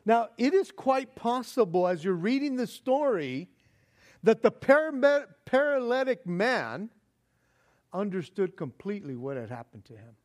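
Male pastor, high voice, expressive sermon with loud and hushed swings. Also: unhurried. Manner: animated, swings between booming and hushed; repeats words, restarts.

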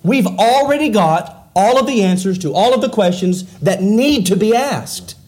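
A middle-aged man preaching a sermon to his church, asking rhetorical questions and rising and falling in pitch. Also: lively intonation, measured pace, darkish tone. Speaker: pastor.

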